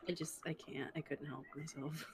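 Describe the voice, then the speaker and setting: Teasing young woman with a lowish voice. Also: steady tone, normal speed, slight background noise. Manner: teasing, laughs often. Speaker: co-host artist on stream. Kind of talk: casual chat while drawing.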